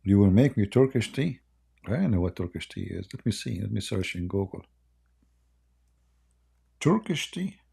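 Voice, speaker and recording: A man hosting a casual livestream chat, mocking and sarcastic, with a voice going hoarse. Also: on the low side, a little fast, warm tone. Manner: mocking, sarcastic banter with frequent laughter. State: hoarse, losing his voice. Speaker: livestream debate host. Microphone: close desk microphone.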